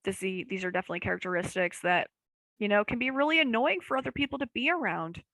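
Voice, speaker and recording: Casual young woman podcast host, rambling and self-deprecating, gravelly voice, dry close sound. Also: medium pitch, fast, fairly bright tone, no room sound, rough recording. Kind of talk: casual chat.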